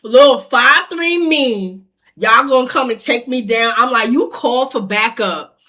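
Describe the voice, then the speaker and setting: A woman's voice: on the high side, measured pace, bright, forceful tone. A woman telling a personal story in casual speech, acting out the quoted lines and swearing freely. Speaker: storytime vlogger.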